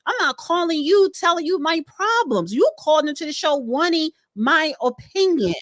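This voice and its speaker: Blunt high-voiced woman host. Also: animated, moderate pace, fairly bright tone, dry recording. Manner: blunt, combative, lecturing. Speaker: advice show host. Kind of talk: casual talk show chat.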